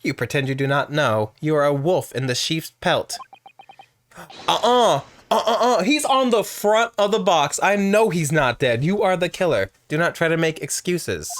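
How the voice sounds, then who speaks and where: Excitable, high-voiced male game streamer. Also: normal speed. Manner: dramatic, excitable, breaks into laughter. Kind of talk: let's play commentary.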